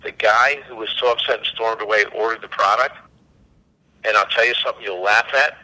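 A man, a company CEO and podcast guest, telling animated anecdotes and acting out the dialogue. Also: on the low side, brisk, poor audio. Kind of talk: casual storytelling.

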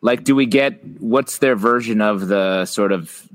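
A man's voice: fairly low pitch, a little slow. A man co-hosting a casual chat, playful and teasing, with frequent fillers.

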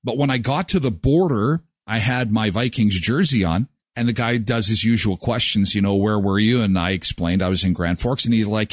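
A man's voice: on the low side, moderate pace, dry recording, clean studio sound. A man hosting a daily morning show, chatting casually and telling jokey stories. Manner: chatty, jokey, animated storytelling. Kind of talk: casual radio show chat.

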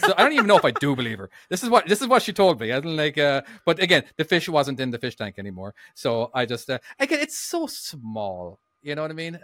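A man's voice: fairly high pitch, fairly bright tone, dry recording. A man co-hosting a casual podcast, telling a story in a rambling, hesitant way with many restarts. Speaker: podcast co-host.

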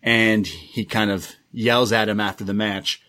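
A man co-hosting a podcast, recapping events in a relaxed, rambling play-by-play with plenty of fillers. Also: on the low side, a little slow. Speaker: podcast co-host. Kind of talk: casual recap chat.

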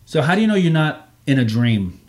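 A man's voice: on the high side, sing-song, a little fast, a little mellow. A man in his thirties hosting a casual family podcast from a home sunroom, playful and teasing with his kids. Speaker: podcast host and father.

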